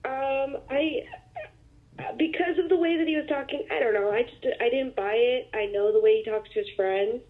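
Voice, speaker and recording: A woman calling in to a radio show, hesitant and halting as she describes what she heard. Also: high voice. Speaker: caller. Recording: tinny phone line.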